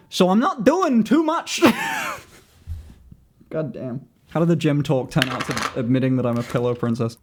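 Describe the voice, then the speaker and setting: A man's voice: medium pitch, a little hiss or hum. A young British man livestreaming, chatting in a candid, self-deprecating way that rambles and restarts. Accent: British English. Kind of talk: casual livestream chat.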